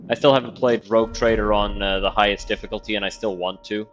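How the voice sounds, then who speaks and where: A man giving loose, profane commentary while streaming a video game, thinking out loud as he plays. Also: on the low side, fairly even intonation, fast talker, muffled recording, a little hiss or hum. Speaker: gaming streamer. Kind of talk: casual gameplay commentary.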